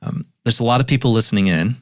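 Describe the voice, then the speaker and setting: A man hosting a podcast interview, asking in a thoughtful, gently probing way. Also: mid-range voice, quick pace, no echo, clean studio sound. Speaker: podcast host. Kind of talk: interview conversation.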